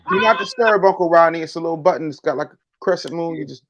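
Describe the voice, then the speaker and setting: Lively high-voiced man laughing between points. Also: a little fast, muffled recording, crowd noise. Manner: laughing, playful. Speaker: sports panelist. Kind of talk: casual sports debate.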